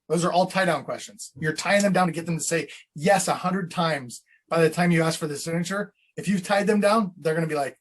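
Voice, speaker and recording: A man's voice: on the high side, a little fast, few pauses. A man coaching real estate agents on sales scripts in a casual teaching chat, acting out client lines as he goes.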